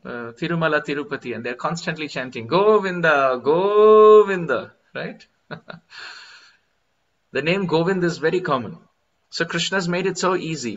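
A man's voice: on the high side, fairly bright tone. A man, a spiritual teacher giving a devotional lecture and chanting Sanskrit verses with feeling. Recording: slightly dull lo-fi recording.

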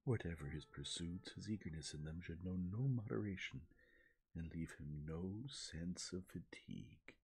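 A man in a soft-spoken ASMR reading, voicing a passionate romantic young woman with an eager, emphatic manner. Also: deep voice, normal speed, creaky, husky, heavily acted. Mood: hushed.

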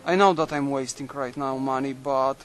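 A young man quietly musing aloud while playing a strategy game, halting and thinking out loud. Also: medium pitch, steady tone, faint music behind, rough recording. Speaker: video game commentator. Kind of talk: late-night let's play commentary.

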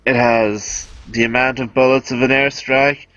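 A man's voice: medium pitch, fairly even intonation, unhurried, fairly bright tone, dull audio. A man giving casual, chatty, self-amused commentary over a video game as he explains weapons. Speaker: game guide host.

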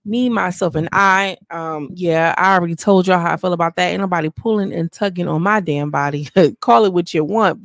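A woman giving a chatty, sassy recap of a reality show, acting out quotes in high voices. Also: vocal fry, no echo, clean studio sound. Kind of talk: casual recap commentary.

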